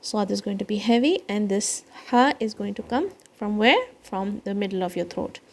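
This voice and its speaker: A woman teaching children Quran recitation, explaining each letter slowly and patiently, step by step. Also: mid-range voice. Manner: breaks into quicker chanted recitation lines. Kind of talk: slow, patient kids' lesson.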